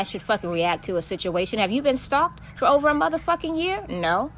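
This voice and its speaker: A woman's voice: high voice, sing-song, fairly quick, fairly bright tone, slight background noise. A woman hosting her own podcast, venting in a heavily profane, emphatic solo monologue. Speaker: podcast host.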